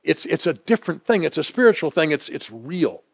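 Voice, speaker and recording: A male preacher delivering a sermon with a fairly high, lively voice. He leans hard on key lines, then drops low and quiet to draw listeners in. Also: fairly quick, gravelly. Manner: dynamic, swinging from emphatic to hushed.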